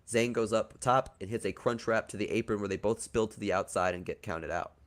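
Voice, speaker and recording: A man's voice: lowish voice, a little fast. A man hosting a podcast, casually walking through a storyline he has written, joking and crude at times. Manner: laid-back, joking, crude. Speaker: podcast host pitching a wrestling storyline.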